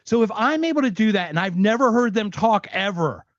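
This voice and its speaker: A man's voice: high-pitched, expressive, a little fast, no room sound, highs cut off. A man co-hosting a podcast, reacting to clips with heated, mocking, profane commentary. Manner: heated, mocking, swears constantly. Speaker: podcast co-host.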